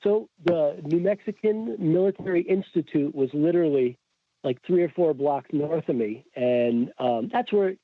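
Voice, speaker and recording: Over a tinny remote call that sounds like a phone, a man appearing as a podcast guest tells a story in casual conversation. His voice is on the high side and his speed is normal, with no room sound. He animatedly performs the lines he quotes.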